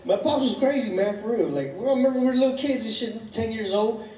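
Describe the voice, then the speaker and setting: A man, doing profane, rambling, animated stand-up storytelling. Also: sits high, fast. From Chicago. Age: 30s. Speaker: stand-up comedian. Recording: echoey club from far off.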